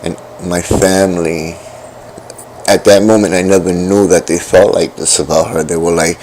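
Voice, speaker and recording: A middle-aged man telling a personal story in a halting way, with many restarts and fillers. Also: low voice, little pitch movement, darkish tone, a little hiss or hum. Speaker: vlogger. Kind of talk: rambling personal account.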